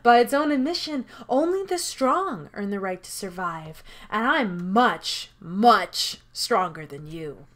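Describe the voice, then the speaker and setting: A woman voicing a coy, menacing male villain who hosts a deadly game, speaking in a smooth, gloating way. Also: medium pitch, expressive, slow pace, few pauses, a bit bright. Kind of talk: game dialogue read aloud.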